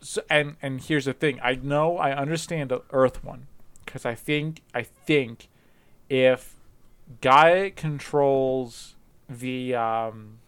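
Rambling man with a smooth voice. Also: mid-range voice. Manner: rambling, halting, many fillers; laughs often, animated when joking. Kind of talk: casual chat.

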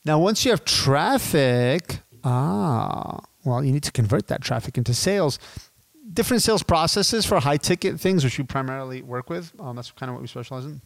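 A man in his thirties teaching business as a podcast guest, animated and casual, addressing listeners as dude and my friends. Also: medium pitch, normal speed, gravelly, no room sound. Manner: acts out sales calls in quoted voices.

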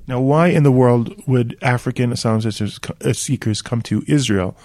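A man's voice: medium pitch, moderate pace, a little mellow, no echo. Host guy, casual and jokey, asks loose questions, dry close mic. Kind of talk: podcast interview.

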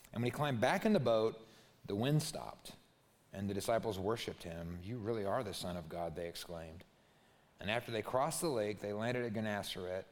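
A man preaching a sermon as pastor, telling a story expressively and dropping to a near-hush on key words. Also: medium pitch. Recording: long hall reverb.

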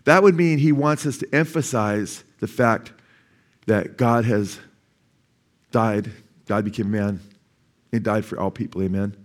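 Here a man of sixty, a pastor, preaches at a church service in a fairly low, unhurried voice that pauses often. Questions go out to the congregation again and again, he waits for replies, and he repeats important phrases for emphasis.

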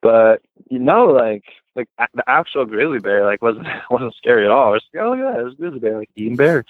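A man talking as a guest, telling a story casually with many "like"s and lively retellings. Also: mid-range voice, a little fast, no room sound. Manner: heavy use of "like", lively retelling. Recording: tinny phone line, dry.

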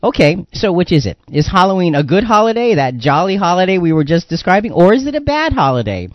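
A man hosts a Christian radio talk show in a loose, rambling way, circling back over his words with lots of fillers. His voice sits a bit high, recorded dry and close with a dull, lo-fi tone. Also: sing-song, fast, no echo. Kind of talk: casual Christian radio discussion.

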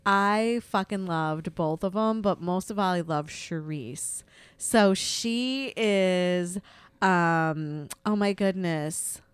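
Chatty woman with a smooth, dry voice. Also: on the low side, slow, dry recording. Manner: chatty, swears freely, animated storytelling. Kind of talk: casual chat.

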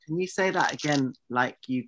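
A man's voice: mid-range voice, normal speed, fairly bright tone, a little hiss or hum. Man, podcast co-host, teasing, mock-exasperated, casual banter.

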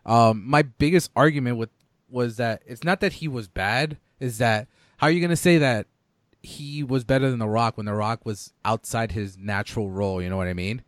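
A man's voice: medium pitch, moderate pace, no echo, clean studio sound. A man co-hosting a casual movie chat, blunt and swearing freely. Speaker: podcast co-host.

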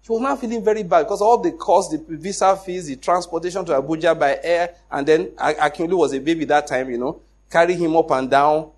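A middle-aged Nigerian man with a Nigerian accent, telling a personal story in an animated way, acting out the dialogue and laughing often. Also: fairly high pitch, fast talker. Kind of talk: casual storytelling.

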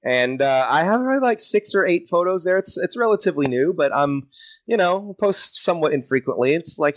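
A man's voice: on the high side, lively intonation, brisk. Giggly, rambling male podcast guest. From South Texas. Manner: rambling, many fillers and restarts, giggly. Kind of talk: casual chat. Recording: dull lo-fi sound.

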